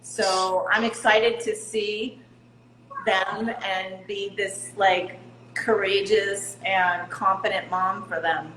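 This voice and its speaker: A woman's voice: medium pitch, fairly even intonation, slow, fairly bright tone, echoey room, slight background noise, low-quality recording. A middle-aged woman talking candidly as an interview guest, laughing at herself now and then. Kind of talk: casual interview talk.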